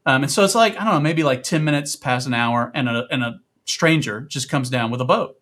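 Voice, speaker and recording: A man in his thirties or forties, a podcast guest telling a camping story in a casual, animated way and loudly acting out the voices he quotes. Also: medium pitch, a little fast.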